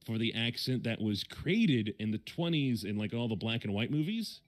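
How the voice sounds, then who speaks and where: A man's voice: medium pitch, sing-song, normal speed. A man with a Midwestern American accent, hosting a casual chat stream and rambling with lots of fillers and self-corrections.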